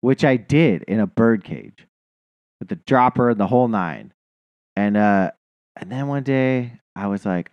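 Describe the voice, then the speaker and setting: A man's voice: lowish voice, a little slow, dry recording, highs cut off. A man co-hosting a podcast, telling rambling, profane, self-mocking stories in casual chat. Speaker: podcast co-host.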